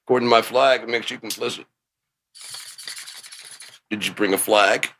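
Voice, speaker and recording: A man riffing through a rambling comic monologue, swearing freely, laughing at his own ideas and dropping to a low mumble as he thinks aloud. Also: steady tone, normal speed, slight background noise. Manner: drops to a quiet mumble while thinking aloud. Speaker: channel host.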